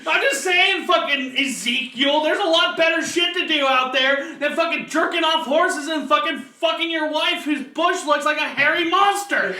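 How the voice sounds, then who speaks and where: A man from the Midwest co-hosting a podcast, ranting crudely and loudly, swearing constantly and laughing as he goes. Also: very high-pitched, normal speed, few pauses, distant mic. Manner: loud, profane, laughing while ranting. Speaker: podcast co-host. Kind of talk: crude comedic rant. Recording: roomy sound, a bit off-mic.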